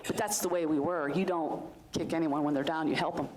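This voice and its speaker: A woman's voice: low voice, steady tone, a little fast, a little hiss or hum, poor audio. A middle-aged woman from Western Pennsylvania, hosting a community show and telling personal stories in a chatty, rambling way. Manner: chatty and warm-hearted, rambling with many asides and fillers. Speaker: host of a community access style show. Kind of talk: casual storytelling to a group.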